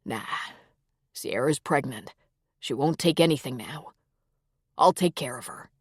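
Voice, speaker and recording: A woman voicing a grieving young husband who stays gentle and protective, speaking in a soft, lowered, steady voice. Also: a little slow, no echo, studio quality, close to an everyday voice.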